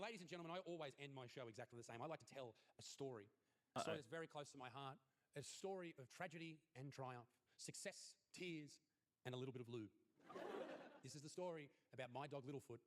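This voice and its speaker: An Australian man doing a stand-up comedy set, brash and crude with punchy deadpan lines. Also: medium pitch.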